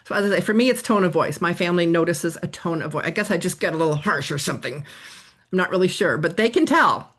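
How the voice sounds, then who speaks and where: A woman's voice: lowish voice, fast, husky. A middle-aged woman answering interview questions on workplace stress, telling stories and acting out quoted lines. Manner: animated storyteller, acts out quotes. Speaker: guest expert on workplace stress.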